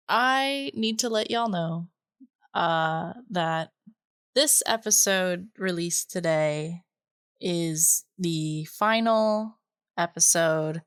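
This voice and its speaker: A woman hosting a podcast, talking casually with many fillers and pauses, sounding emotional and close to tears. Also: lowish voice, a bit bright, clean tone, no room sound. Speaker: podcast host.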